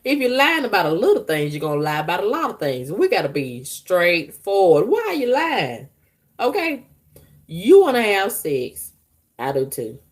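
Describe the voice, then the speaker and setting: Woman vlogging her drama, cussing a lot, lowish voice that jumps all over the place. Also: moderate pace. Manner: blunt, profane and animated, with frequent exclamations. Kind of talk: casual storytelling to viewers.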